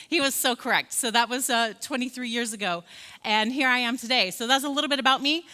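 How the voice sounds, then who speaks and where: Keynote speaker: American-accented woman in her 40s, bright and forceful, chatty lecture style, reverberant hall. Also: fairly high pitch, fairly quick. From Scotland. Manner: friendly, conversational, many fillers and restarts. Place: large conference hall.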